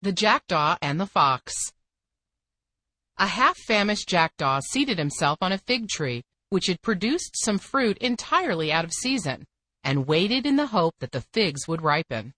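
A woman reading a fable aloud in an even, expressive storybook narration. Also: lowish voice, measured pace, no echo. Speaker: fable reader.

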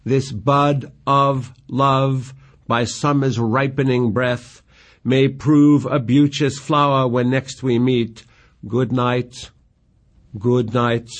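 A man reading Juliet, an earnest young woman in love, in slow tender verse recitation. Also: mid-range voice, level tone, lightly acted.

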